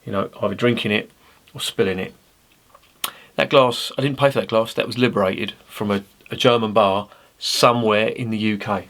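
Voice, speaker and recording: Chatty man, low voice. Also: moderate pace, fairly bright tone. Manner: chatty, rambling, jokey asides. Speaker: beer reviewer. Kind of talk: casual beer review to camera.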